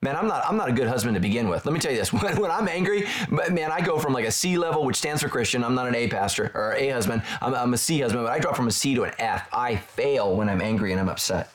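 A middle-aged male pastor preaching a sermon in a conversational, animated way, full of rhetorical questions. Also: medium pitch, fast talker, few pauses.

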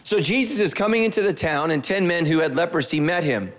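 Guy preaching in a church, kinda high voice, long echo in the hall. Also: lively intonation, fairly quick. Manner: conversational preaching with repeated phrases, asks the congregation questions. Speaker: pastor. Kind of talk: sermon. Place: church sanctuary.

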